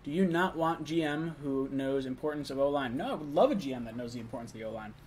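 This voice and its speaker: A man's voice: mid-range voice, quick pace, darkish tone, slight background noise. A young man hosting a casual live stream, chatting loosely, reading chat messages and talking while eating.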